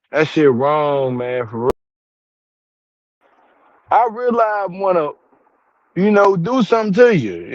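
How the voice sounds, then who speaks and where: A man's voice: sits high, no echo. A young man recording a casual commentary vlog, talking to his viewers in slang. He repeats himself for emphasis and is getting angry. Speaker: reality TV commentary vlogger. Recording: dull, dry, lo-fi home recording.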